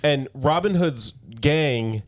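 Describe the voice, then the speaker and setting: A man's voice: fairly high pitch, slow, no room sound. A man co-hosting a podcast, chatting casually and telling stories animatedly, peppered with "like". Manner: animated storytelling full of "like". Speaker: podcast co-host. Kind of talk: casual chat.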